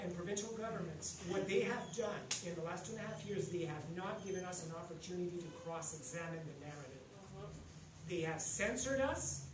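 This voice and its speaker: A man hosting a political event, introducing the guest with earnest, repetitive emphasis. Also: sits high. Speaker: event host introducing the speaker. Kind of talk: rally introduction. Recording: echoey hall, distant mic, faint noise.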